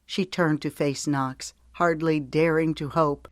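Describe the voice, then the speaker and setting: An audiobook narrator reading a romance novel in an even, gentle storytelling manner. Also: mid-range voice, a little slow, no room sound, clean studio sound. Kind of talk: scripted narration.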